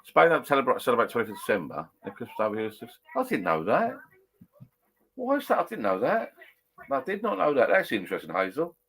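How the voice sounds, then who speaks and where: A man's voice: mid-range voice, huge pitch swings, fast talker, gravelly, a bit bright, slightly rough. A man chatting casually with live viewers from his garden shed bar, rambling and correcting himself as he goes. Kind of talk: casual pub chat.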